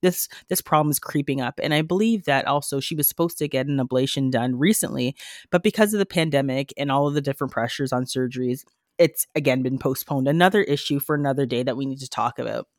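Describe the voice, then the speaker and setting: A woman's voice: a bass voice, fast, darkish tone, no room sound, clean studio sound. A woman who works as a nurse, talking earnestly in a podcast conversation, with many fillers and restarts. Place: Canada.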